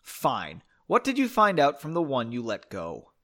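A man voicing a sharp-tongued, fiery young woman who scolds and speaks coolly. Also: medium pitch, wildly swooping pitch, measured pace, heavily acted. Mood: scolding. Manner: scolding and cool.

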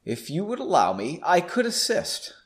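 A man voicing a courteous older male mage who speaks formally and coaxes gently. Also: sits high, wildly swooping pitch, moderate pace, pitched above the performer's own voice.

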